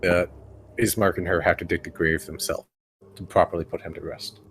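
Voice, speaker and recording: A man narrating as game master in a tabletop game, describing scenes slowly with fillers. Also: low voice, level tone, vocal fry, a bit bright, a little hiss or hum.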